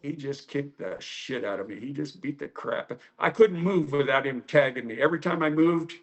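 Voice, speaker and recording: A karate instructor from the United States telling stories in an interview, rambling with many fillers and acting out the quoted lines. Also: male voice, on the high side, moderate pace. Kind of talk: storytelling interview.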